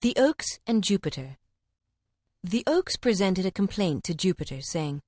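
A woman narrating fables for an audiobook in a measured, expressive reading. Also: medium pitch, no echo, clean studio sound. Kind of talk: scripted storybook narration.

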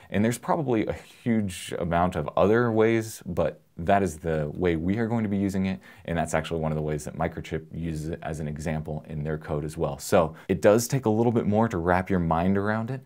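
A man presenting an electronics lesson in a relaxed, joking way, explaining with everyday analogies. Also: sits low. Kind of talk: casual technical lesson.

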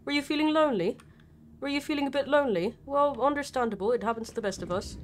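A woman's voice: high voice, expressive, fast talker. A woman streamer giving live gameplay commentary, nervous and chatty, swearing a lot and talking back at the characters on screen. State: nervous and scared.

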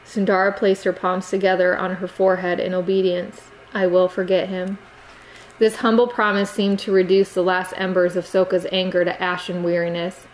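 A woman narrating an audiobook chapter in a steady, measured reading. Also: lowish voice, slight background noise, rough recording.

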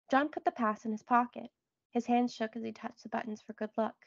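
Woman reading a kids book out loud, expressive, kinda high voice, dry lo-fi audio. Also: a little fast, creaky, no echo. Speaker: read-aloud narrator. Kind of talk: children's book read-aloud.

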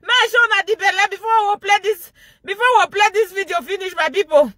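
A woman with a Nigerian accent hosting a gossip commentary vlog. She mocks loudly and keeps breaking into laughter. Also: very high voice, quick pace, no echo. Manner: mocking, laughs loudly and often. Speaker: vlogger and show host.

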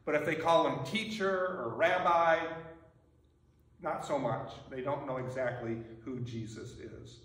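A man preaching a sermon as pastor, talking in a relaxed, conversational way and often checking in with "right?". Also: fairly high pitch, a little slow. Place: church sanctuary. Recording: echoey church from far off.

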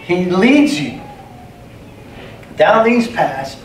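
A man's voice: sits high, very animated, drawn-out words, a little hiss or hum. A man preaching a sermon as pastor, emphatic, repeating key phrases and calling for amens. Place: church sanctuary. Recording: echoey room, distant mic, faint ambience.

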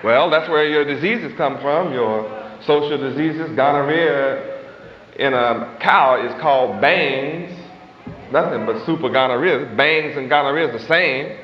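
A man preaching a sermon in a dramatic, folksy style, stretching out words for emphasis, with chuckling asides and loose grammar. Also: medium pitch. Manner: dramatic, swooping emphasis, slow drawn-out stresses. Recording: echoey hall, muffled old tape.

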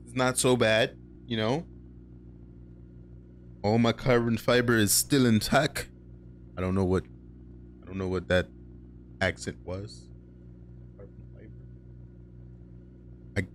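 This man's voice sits on the low side, with a faint hiss or hum in the recording. He's a gaming YouTuber rambling excitedly through gameplay, cursing often and leaning on filler words, while loud game music, blaring music and revving car engines fill the background.

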